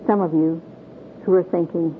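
A woman's voice: fairly low pitch, fairly even intonation, moderate pace. Earnest woman teaching Bible class, tinny tape. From Michigan. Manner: folksy, earnest, asks the class questions. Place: meeting room with a group. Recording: tinny phone-like old tape with faint hiss.

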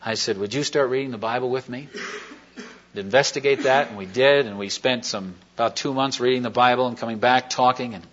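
A man's voice: medium pitch, brisk, a bit bright. A man giving a sermon testimony, telling a personal story in a rambling, folksy way with many fillers and restarts. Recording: dull lo-fi recording.

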